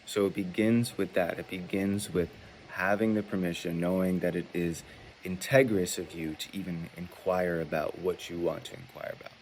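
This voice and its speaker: A man who mentors people in spiritual practice, teaching a calm, deliberate demonstration and repeating short phrases. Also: sits low, slight background noise.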